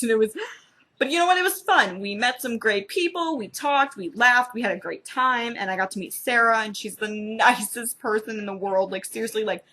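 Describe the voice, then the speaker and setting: A young woman book blogger chatting excitedly in a casual vlog, gushing like a fan. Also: medium pitch.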